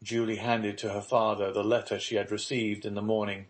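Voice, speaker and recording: A man narrating a classic novel as an audiobook, reading in a measured, steady way. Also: lowish voice. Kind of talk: scripted narration.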